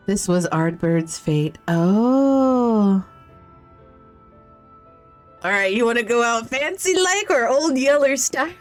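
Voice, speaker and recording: A woman streams her game with loose, profane commentary and frequent laughter. She stops to read characters' lines aloud. Her voice sits a little high, with faint game music underneath. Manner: swears a lot and laughs often; reads game dialogue aloud. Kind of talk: casual gameplay commentary.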